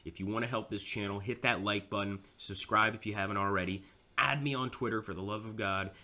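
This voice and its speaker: A man's voice: lowish voice, fairly even intonation, a little fast, bright, forceful tone. A man giving casual, chatty commentary over a strategy game, mocking himself now and then.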